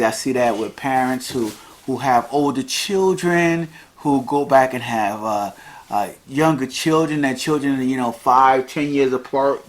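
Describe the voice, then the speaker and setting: A man in his fifties hosting an unscripted podcast, talking in a chatty, rambling way and laughing easily. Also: mid-range voice. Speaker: podcast host.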